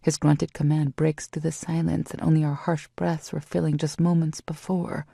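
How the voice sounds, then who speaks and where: Reading a romance audiobook in the first person, a woman sounds intimate and even, moving at a moderate pace. Her voice sits on the low side, dark and husky with lots of vocal fry, captured in a close, dry recording with no room sound.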